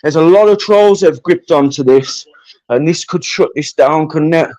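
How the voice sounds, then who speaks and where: A man's voice: on the high side, normal speed, darkish tone, dry recording, rough recording. A British man ranting on a livestream, confrontational and swearing heavily. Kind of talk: angry livestream rant.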